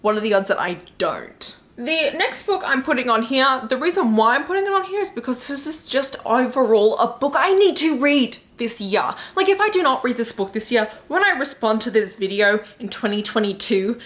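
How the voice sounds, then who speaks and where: A woman talking casually to camera as a book vlogger, chatty and excitable, filling her talk with fillers. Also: on the high side, moderate pace, few pauses. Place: home in New York.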